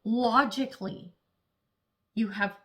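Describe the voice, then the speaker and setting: A woman's voice: a little high, slow pace, fairly bright tone. A woman giving a casual, chatty tarot reading, playfully acting out little voices as she talks. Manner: speaks of herself as an earth sign. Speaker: tarot reader.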